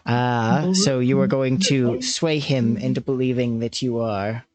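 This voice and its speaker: A man running a tabletop game as game master, narrating slowly with frequent fillers. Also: mid-range voice, over a noisy crowd. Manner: slow, measured with many fillers.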